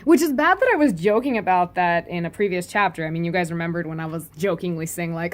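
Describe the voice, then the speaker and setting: A woman's voice: on the low side, quick pace, few pauses. A woman giving a casual, joking video review of a comic, talking in a loose, chatty way full of "like" and "anyway" and laughing often. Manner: chatty and giggly, with lots of "like" and "anyway"; playful and joking. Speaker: webcomic reviewer.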